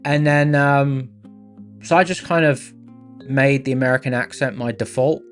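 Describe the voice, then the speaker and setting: A man's voice: medium pitch, normal speed. Chatty man with music behind. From England. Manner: chatty, reads out viewer comments with many fillers. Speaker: livestream host. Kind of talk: casual live-stream chat. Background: faint background music.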